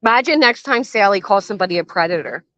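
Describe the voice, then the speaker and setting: A woman's voice: medium pitch, lively intonation, quick pace, a bit bright, no room sound. An older woman hosting a reaction commentary channel, blunt, sarcastic and swearing freely, recorded outdoors by a garden fence. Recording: dull, dry lo-fi sound.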